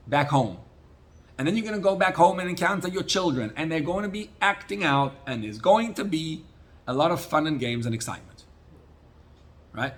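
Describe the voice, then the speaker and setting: A man, a rabbi, giving a Torah class sermon, teaching in an animated way with Hebrew and Yiddish terms. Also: medium pitch.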